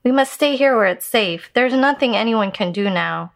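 Frightened forest animals answer without hope in a storybook fable, voiced by a woman. The voices sit a little higher and sound resigned. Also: expressive, normal speed, gravelly. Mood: hopeless.

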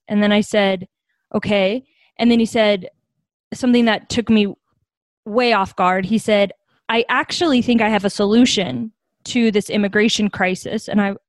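A woman's voice: mid-range voice, dry recording. A young woman, a nonprofit founder from the United States, telling stories earnestly and reflectively in a podcast interview. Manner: earnest, reflective, animated when quoting others.

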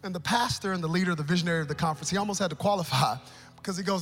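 A male pastor preaching a sermon at a live church service, with animated storytelling that acts out quotes. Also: high-pitched, rapid-fire, faint music behind.

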